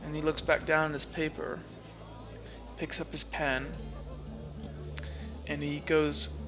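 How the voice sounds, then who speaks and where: A man narrating as game master of a tabletop role-playing game, slow and deliberate, with clear music playing behind him. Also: fairly high pitch, level tone.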